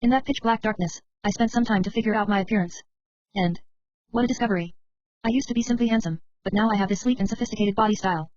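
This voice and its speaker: A woman reading a novel aloud as first-person narration, in a brisk, steady way of telling an inner monologue. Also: medium pitch, dry recording. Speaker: audiobook reader. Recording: dry, slightly muffled recording.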